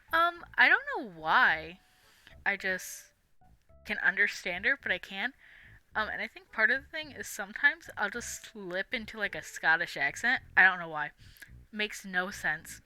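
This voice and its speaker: Giggly woman with a very bright voice. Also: mid-range voice, moderate pace. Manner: giggly, rambling, with frequent laughs and fillers. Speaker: livestream host. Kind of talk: casual live-stream chat.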